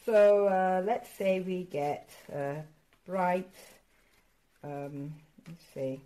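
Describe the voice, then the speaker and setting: A woman art teacher walking children through a craft lesson step by step, encouraging and excitable, pausing often with fillers. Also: on the low side. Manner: encouraging, hesitant with many fillers; addresses children directly, excitable.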